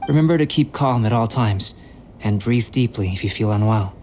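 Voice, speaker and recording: A man voicing a calm, composed young alchemist in a video game, measured and gently lecturing. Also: lowish voice, slight background noise, lightly acted. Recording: game audio with clear music behind. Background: game music.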